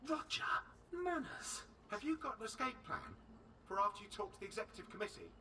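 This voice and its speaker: A man's voice: high-pitched, big pitch swings, brisk, pushed and bright, recorded from a distance, a little hiss or hum, heavily acted. An actor playing a chatty, scheming male helper in a video game, full of ideas.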